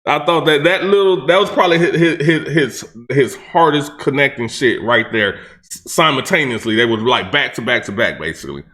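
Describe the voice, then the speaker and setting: A man's voice: mid-range voice, lively intonation, moderate pace, sharp tone. A man hosting a reaction channel who talks in casual slang, breaks down battle rap lines, often repeats himself and restarts his sentences.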